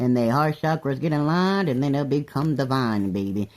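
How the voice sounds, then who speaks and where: A woman giving a casual tarot reading to her viewers, animated, calling everyone "baby" and laughing often. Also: very deep voice, fairly quick, hardly any pauses. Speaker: tarot reader.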